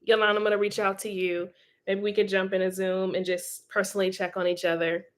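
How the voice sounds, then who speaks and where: A woman's voice: mid-range voice, flat delivery, brisk. A woman hosting a casual livestream, reading viewer comments in a chatty, encouraging way and laughing often. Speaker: livestream host.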